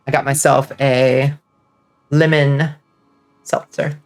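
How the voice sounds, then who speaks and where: A woman's voice: very deep voice, little pitch movement, takes it slowly. Chatty swearing woman gaming streamer. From US South. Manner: chatty, swears freely, laughs often. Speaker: vtuber streamer. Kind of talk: casual gaming stream chat.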